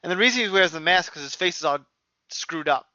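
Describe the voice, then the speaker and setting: A man co-hosting a podcast, chatting casually, opinionated and halting with fillers. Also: a little high, lively intonation, pushed and bright, no room sound. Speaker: podcast co-host. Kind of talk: casual chat. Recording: dry, dull lo-fi audio.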